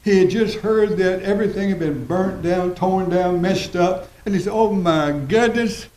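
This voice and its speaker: A man preaching a sermon as pastor, folksy and repetitive, slowing down to stress his points. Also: high voice, steady tone, warm tone. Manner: folksy preaching, repeats phrases, slows for emphasis. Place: church sanctuary. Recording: roomy church echo.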